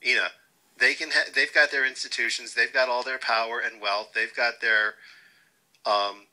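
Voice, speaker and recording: An older man being interviewed, telling wry, lively stories and quoting people along the way. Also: mid-range voice, normal speed, poor audio. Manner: wry, animated anecdotes with quoted voices. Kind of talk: storytelling interview.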